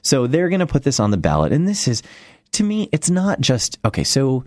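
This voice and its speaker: Wry, animated man in casual chat. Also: medium pitch, brisk, no echo, studio quality. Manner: wry and sarcastic, laughs often. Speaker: co-host.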